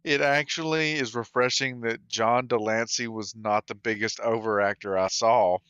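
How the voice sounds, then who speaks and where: A male co-host making wry, critical remarks in a casual live chat. His voice is bright, crisp and smooth, but the recording is a little dull and lo-fi, with no room sound. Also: mid-range voice, steady tone, moderate pace, no echo. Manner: wry, critical and dry-humoured. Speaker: podcast co-host.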